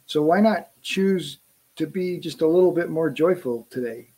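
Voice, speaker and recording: A man's voice: fairly high pitch, moderate pace, mellow. A middle-aged man hosting a podcast, talking earnestly in casual conversation and often restarting his phrases. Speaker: podcast host.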